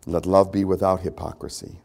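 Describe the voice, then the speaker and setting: A man's voice: low-pitched, little pitch movement, fairly quick, vocal fry, a little mellow. A male pastor preaching a conversational sermon to his congregation, repeating phrases for emphasis.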